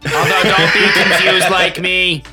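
A man's voice: high-pitched, level tone, a little slow, loud music behind the voice, voice pushed up. A man voicing a pompous, indulgent male chief executive with a smug, self-satisfied manner, in a tabletop game. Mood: wry.

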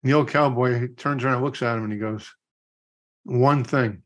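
A middle-aged man co-hosting a podcast, chatting casually and telling stories with animated quotes. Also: mid-range voice, fast talker. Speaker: podcast co-host. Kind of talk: casual chat.

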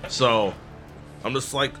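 A man's voice: mid-range voice, takes it slowly, bright, forceful tone, faint music behind. A man casually playing a tabletop game, calling out rolls with fillers. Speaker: player.

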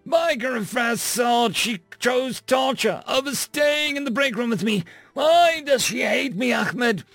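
A man's voice: on the high side, animated, fairly bright tone, dry recording, soft background music, voice pushed up. A man voicing a fretful little alien crew member. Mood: panicked. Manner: fretful, questions in rapid bursts. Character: anxious small alien crew member, genderless.

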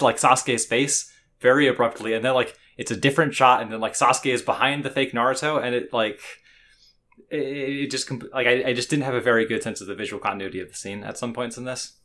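A man's voice: mid-range voice, fairly bright tone. A man co-hosting an anime podcast, talking casually in a rambling way with lots of restarts and fillers. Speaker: podcast co-host.

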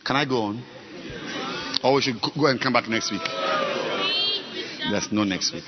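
A male pastor preaching a sermon, swinging between soft talk and sudden loud shouting. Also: mid-range voice, normal speed, pauses often.

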